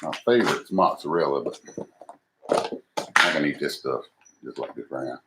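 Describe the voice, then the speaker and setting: A man's voice: rumbling low, normal speed. A man hosting a live cooking stream, chatting casually and poking fun at himself as he talks to viewers. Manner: folksy, self-deprecating, talks to viewers as he cooks. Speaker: cooking livestream host. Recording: noisy home recording.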